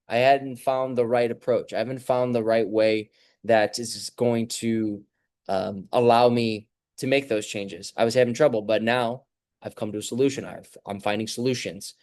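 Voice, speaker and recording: A man's voice: medium pitch, fairly even intonation, darkish tone, no room sound. Reflective man, dry close sound. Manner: reflective, halting, many fillers. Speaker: clinic host. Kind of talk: casual motivational talk.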